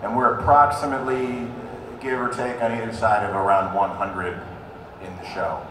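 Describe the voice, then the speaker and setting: A male actor on a convention panel, answering a fan's question in a matter-of-fact, halting way. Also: lowish voice, steady tone. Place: large convention hall. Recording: roomy hall, from far off, noisy crowd.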